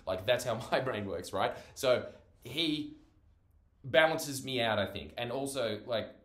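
A man's voice: medium pitch, lively intonation, unhurried, a bit bright, echoey room. A young man talking in a casual monologue, rambling, swearing freely and cutting himself off mid-thought. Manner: rambling, profane, self-interrupting.

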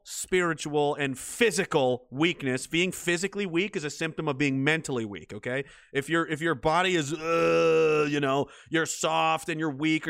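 Guy ranting hard, swears a lot, trips over his words, voice a bit on the high side. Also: a bit bright. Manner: blunt, profane, combative; many restarts and repeated words. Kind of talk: ranting monologue.

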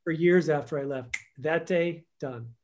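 A man telling stories as a guest in a conversational interview, acting out quotes and trailing off softly. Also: a little high, a little slow, a little hiss or hum.

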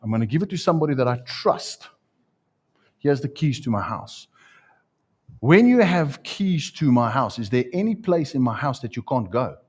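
Medium in pitch, at a normal pace, and with a breathy edge, a man's voice carries a pastor's sermon to his congregation. He tells stories with animation and brings people up for a live demonstration.

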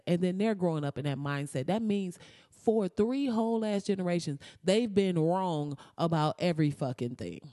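A woman hosting comedic news commentary, blunt and animated, swearing freely and breaking into loud, high outbursts. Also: no room sound, clean studio sound. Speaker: commentary host.

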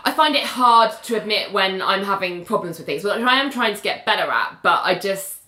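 A woman's voice: medium pitch, brisk. A woman, chatting casually about a TV episode and acting out the characters' lines. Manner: animated, acts out characters' lines. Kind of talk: casual chat recapping a TV episode. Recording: echoey room.

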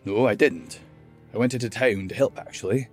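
A man's voice: medium pitch, moderate pace, soft background music, natural voice. A man doing a guilt-ridden dwarf warrior. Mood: earnest.

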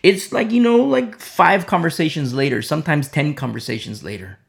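Impassioned preacher with a gravelly voice. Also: male voice, fairly high pitch, lively intonation, moderate pace. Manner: impassioned, rambling with many fillers. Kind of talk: informal sermon.

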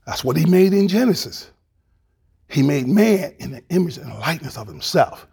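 Gravelly, husky male preacher. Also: a little high, normal speed. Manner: animated preaching that drops to a hush. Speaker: pastor. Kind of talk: sermon.

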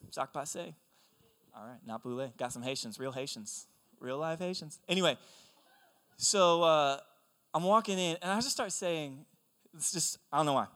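A young man preaching a sermon, telling stories in an animated, conversational way. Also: on the high side, normal speed. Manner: animated storytelling, excitable and conversational. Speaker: pastor. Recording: long hall reverb.

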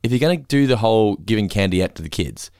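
A podcast co-host chats casually, turning animated and putting on voices whenever he tells a story. His voice is fairly low and quick, recorded at studio quality with no echo.

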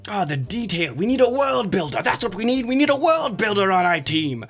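A man voicing an excitable male studio boss who shouts and squeals with giddy energy. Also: high voice, brisk, soft background music, voice pushed up, exaggerated voice. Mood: giddy excited.

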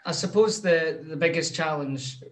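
A man's voice: a little high, normal speed, fairly bright tone, rough recording. A man with a Glaswegian accent hosting a podcast, asking questions hesitantly with restarts and the odd swear. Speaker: podcast host. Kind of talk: casual podcast interview.

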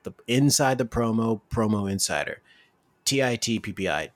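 A man hosting a comedy podcast, telling stories in a deadpan, bantering way. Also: on the low side, normal speed. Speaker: podcast host.

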